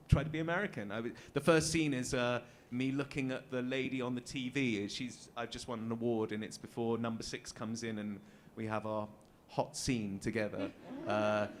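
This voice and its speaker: An English man telling loose, laughing anecdotes as a guest at a convention panel. His talk wanders through fillers and restarts, with a faint background hum. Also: medium pitch. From England. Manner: chatty, laughing often, trailing off into fillers. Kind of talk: casual anecdotes on stage.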